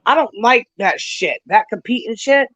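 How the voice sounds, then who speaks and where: A woman's voice: a little high, lively intonation, normal speed, a bit bright, dry recording. A woman hosting a casual livestream chat, telling brash, profane stories and often breaking into laughter. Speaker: livestream host.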